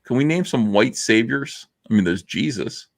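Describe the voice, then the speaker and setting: A man's voice: mid-range voice, expressive, moderate pace, creaky. A man from the US hosting a livestream, ranting sarcastically in a comment-reading commentary. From United States. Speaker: livestream host.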